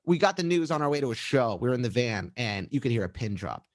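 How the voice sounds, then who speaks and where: A man's voice: mid-range voice, quick pace, few pauses, no echo. Chatty man telling a studio story. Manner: rambling, animated, full of fillers and restarts. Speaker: musician. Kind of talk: casual storytelling interview.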